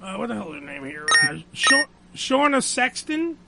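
Brash, gravelly male radio host. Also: extremely high pitch, very animated, moderate pace, very noisy. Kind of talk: profane comedy radio banter.

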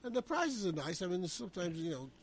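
Laid-back podcast guy, kinda high voice, says you know a lot, slight hiss. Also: sing-song, quick pace. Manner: easygoing, lots of "you know". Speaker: podcast co-host. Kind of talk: casual chat.

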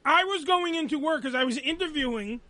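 A man hosting a radio show, telling an angry, profane story about being fired, loud and repetitive. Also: very high voice, lively intonation, a little fast, dry recording. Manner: angry, loud, swearing, repeats himself.

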